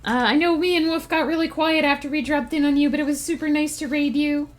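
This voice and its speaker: A woman's voice: high voice, steady tone, fast talker. A woman streamer chatting casually with her live chat, reacting to messages and laughing often. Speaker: streamer and writer.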